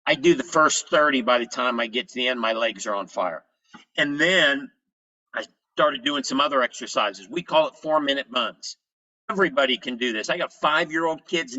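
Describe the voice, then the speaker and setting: Bright-voiced man, punchy energetic talk. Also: on the high side, muffled recording. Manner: energetic storytelling in short punchy phrases. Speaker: presenter. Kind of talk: motivational health presentation.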